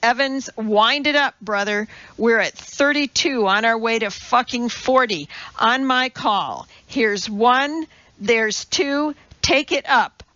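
A woman's voice: fairly high pitch, expressive, takes it slowly, no room sound, dull audio, heavily acted. A woman voicing a small, fierce male coxswain who growls and barks profane commands at a rower. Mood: snarling. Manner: growling, profane, shouting orders.

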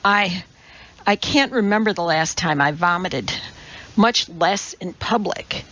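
A woman's voice: lowish voice, animated, slow, fairly bright tone. A woman reading an audiobook, voicing an ailing, apologetic man who is a scientist, weak and earnest. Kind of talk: audiobook character voice. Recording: dull lo-fi audiobook recording.

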